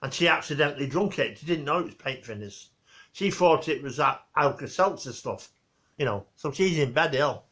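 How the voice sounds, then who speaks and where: Brief: chatty male vlogger, high bright voice, rambling and loose, mild swearing. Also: expressive, moderate pace. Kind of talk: casual vlog tribute.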